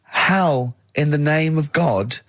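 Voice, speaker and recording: A man's voice: a little high, slow, a bit bright. A male radio host in casual banter who argues and teases with exasperation.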